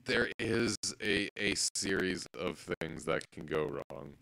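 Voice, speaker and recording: A woman voicing a booming, deep-voiced male announcer alter ego with a theatrical, gravelly delivery. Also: lively intonation, takes it slowly, a bit bright, dry recording, heavily acted. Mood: mock-dramatic. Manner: theatrical, gravelly, mock-dramatic.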